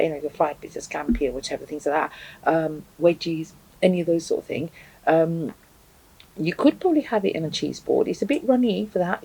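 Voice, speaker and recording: A woman's voice: fairly low pitch, gravelly, warm tone, husky, rough recording. A woman reviewing hot sauces to camera at home, chatting casually and thinking aloud with frequent ums. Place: home, indoors with a cat.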